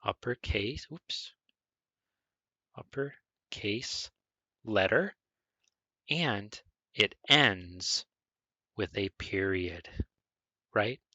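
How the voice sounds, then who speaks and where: Slow, lively-voiced male ESL teacher. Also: on the low side, dry recording, dull audio. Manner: slow and deliberate, spells words out, stresses question intonation. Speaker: English teacher. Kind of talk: screen-recorded ESL grammar lesson.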